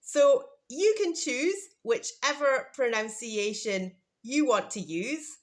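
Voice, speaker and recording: A woman with a British accent teaching English pronunciation in a slow, careful, clearly enunciated way. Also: medium pitch. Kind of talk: scripted pronunciation lesson.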